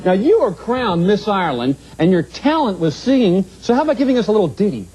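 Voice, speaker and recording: Crass tabloid talk show host, high lively voice, loud audience behind. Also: male voice, fast talker, rough recording. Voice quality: brash, tactless, joking. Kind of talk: sitcom acting.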